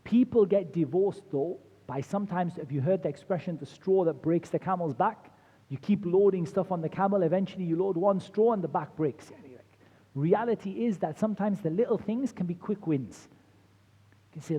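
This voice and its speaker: A man's voice: sits high, normal speed, dark tone, breathy edge, long reverb tail. A man giving a conversational religious lecture on marriage, acting out quoted spouses as he goes. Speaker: Islamic lecturer.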